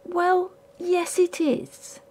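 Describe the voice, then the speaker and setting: A woman's voice: little pitch movement, very slow, full character voice. A woman doing a creepy, wheedling male collector. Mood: sly. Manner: high, hushed, insinuating voice.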